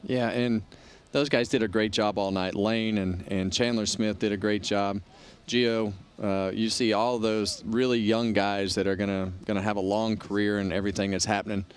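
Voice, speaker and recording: Low-voiced male race analyst. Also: moderate pace, clear, resonant tone. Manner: relaxed, conversational, repeats words. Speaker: color commentator. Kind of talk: race commentary.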